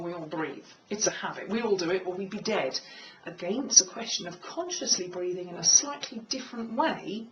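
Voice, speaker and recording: A woman speaking coach giving a clear, measured talk on confident speaking, in a room with a piano. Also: a bit bright, distant mic, dull audio, a little hiss or hum. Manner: clear, measured, demonstrates pitch by singing. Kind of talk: instructional talk to camera.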